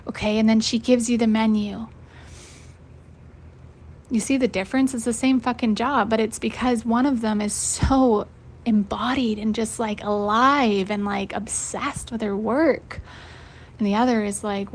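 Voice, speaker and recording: A young woman gives a motivational coaching lesson in a relaxed, high-energy way. She talks casually, swears freely and breaks into laughter, with a fairly high voice. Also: normal speed. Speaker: host and life coach.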